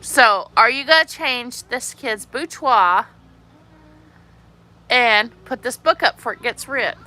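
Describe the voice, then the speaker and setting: Giggly woman with a bright childlike voice. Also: on the high side, takes it slowly. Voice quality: childlike, youthful-sounding voice. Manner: giggly, animated, laughs often. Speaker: livestreamer. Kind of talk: casual live chat reading viewer comments.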